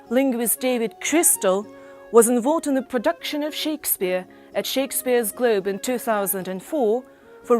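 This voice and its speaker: Young woman, Russian native speaker, read-aloud presentation, higher-pitched, careful, faint music under the voice. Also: a little mellow. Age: young adult. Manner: careful, reading from a script. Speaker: student presenter.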